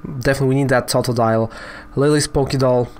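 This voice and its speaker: A man's voice: mid-range voice, fairly even intonation, fast, darkish tone. A man giving casual, joking commentary while playing an online card game, often adding "right?" and "you know". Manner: chatty, peppers talk with "right?" and "you know"; joking, self-mocking asides.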